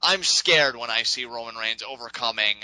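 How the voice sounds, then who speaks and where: A man co-hosting a casual wrestling recap podcast, talking in an animated, rambling way and laughing often. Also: mid-range voice, moderate pace, no room sound, rough recording. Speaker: podcast co-host.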